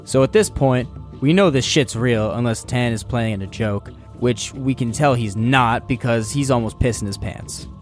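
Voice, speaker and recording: A man of middling pitch reading a scary story aloud on a podcast. His delivery is casual and profane, with faint guitar music underneath. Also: moderate pace. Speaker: podcast co-host.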